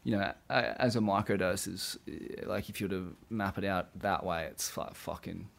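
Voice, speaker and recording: A man chatting casually, blunt and quick with a cutting remark. His voice is low and gravelly with plenty of creak. He cuts in with short, profane comments. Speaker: conversation partner. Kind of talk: casual chat.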